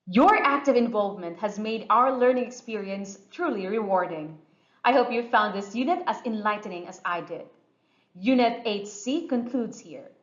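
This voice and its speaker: A woman teacher giving a clear, measured, scripted English lesson narration. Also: medium pitch, animated, lo-fi sound. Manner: clear, instructional, measured delivery.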